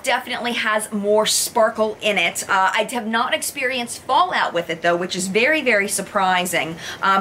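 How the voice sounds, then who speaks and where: A woman beauty vlogger doing a makeup review, showing swatches, gushing and exclaiming with excitement. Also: medium pitch, slight background noise.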